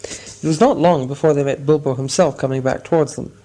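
A man narrating a storybook in a measured, expressive reading style. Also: on the high side. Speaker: audiobook narrator.

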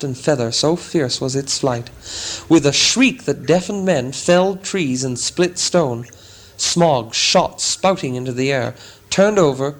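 Male audiobook narrator, mid-range pitch; dramatic, deliberate reading. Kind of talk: scripted narration.

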